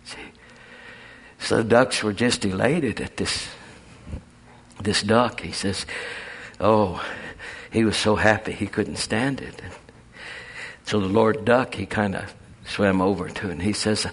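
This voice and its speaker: A man preaching a folksy, animated sermon full of storytelling and chuckles. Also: fairly low pitch, measured pace, pauses often, husky.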